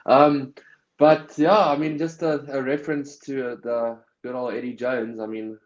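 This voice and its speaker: A man's voice: medium pitch, level tone, normal speed. A South African man co-hosting a casual podcast, hesitant and full of fillers. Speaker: podcast co-host. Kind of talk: casual chat. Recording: slightly dull lo-fi sound.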